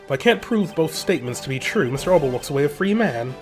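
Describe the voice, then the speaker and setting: A man voicing a composed, stern male prosecutor in measured game dialogue. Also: on the high side, animated, music in the background, close to an everyday voice. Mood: serious. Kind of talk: reading game dialogue aloud.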